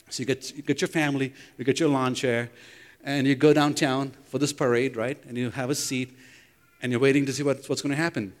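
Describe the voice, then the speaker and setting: Preacher in a reverberant hall. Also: male voice, mid-range voice, a little fast. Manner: animated storytelling, asking the congregation questions. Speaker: pastor. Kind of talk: sermon. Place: church sanctuary.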